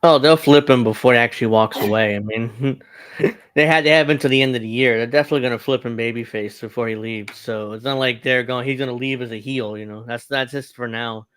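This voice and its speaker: A man's voice: medium pitch, fairly even intonation, a little fast, a bit bright, smooth, dry recording. A man hosting a casual wrestling podcast, recapping a match in a rambling way with chuckles. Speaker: podcast host. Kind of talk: casual wrestling review chat.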